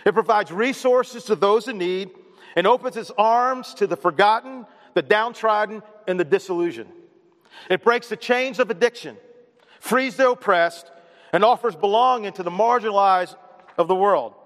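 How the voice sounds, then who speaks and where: A man's voice: high-pitched, moderate pace, a bit bright, in a large hall. A man preaching a sermon as pastor of a church, emphatic and repetitive, calling on the congregation to respond. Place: church sanctuary.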